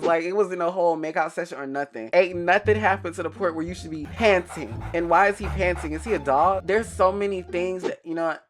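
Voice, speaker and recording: A man's voice: a little high, a little fast, hardly any pauses, faint music behind. A man reading fanfiction aloud in a dramatic, comedic way, breaking off into sassy asides and laughter. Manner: animated, exaggerated reactions, frequent laughter and sassy commentary.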